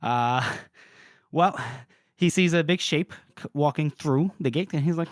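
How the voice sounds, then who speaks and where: A man's voice: fairly high pitch, measured pace, no echo. Laughing young man, dry close sound. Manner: laughing often, acts out characters' lines. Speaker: podcast co-host. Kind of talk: casual book discussion.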